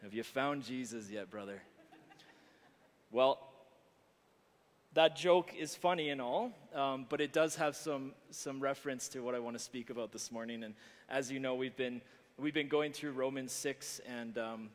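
A man's voice: mid-range voice, fairly even intonation, normal speed, in a large hall. A man preaching a sermon, talking with many restarts and fillers.

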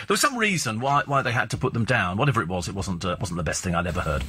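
A man's voice: fairly low pitch, animated, very fast, pushed and bright, a little hiss or hum. A man hosting a talk radio show, chatting in a rambling, opinionated and sardonic way about gossip and the news. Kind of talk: casual chat and celebrity gossip commentary. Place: radio studio. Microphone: studio microphone.

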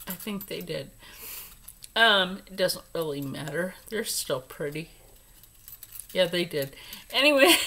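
A woman's voice: lowish voice, pushed and bright, a little hiss or hum, rough recording. A middle-aged woman vlogger chatting casually as she unboxes jewelry, gushing over each piece and sometimes dropping to a whisper, stuffy from allergies. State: congested from allergies.

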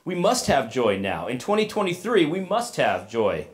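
A man preaching a sermon as pastor in a casual, conversational way, retelling a story with asides and lively paraphrase. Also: a little high, normal speed.

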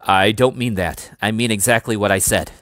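A man voicing a stiff, reluctant army major who speaks quietly but firmly, in a storybook reading. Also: on the low side, fairly even intonation, moderate pace, no room sound, studio quality, close to an everyday voice.

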